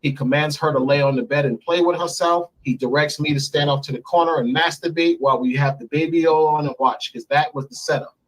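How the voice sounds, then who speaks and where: A man in his thirties, recounting a story candidly and profanely in an interview, getting animated as he goes. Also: fairly quick, hardly any pauses, poor audio. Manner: animated, profane, climbs high when excited. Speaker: interview guest. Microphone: remote stream mic.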